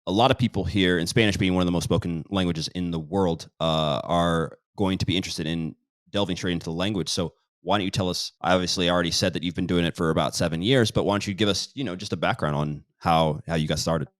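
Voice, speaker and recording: A man from the United States, hosting a casual interview in an easygoing, deliberate way. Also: sits low, no echo, clean studio sound. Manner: easygoing, deliberate host with fillers. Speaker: channel host, interviewer.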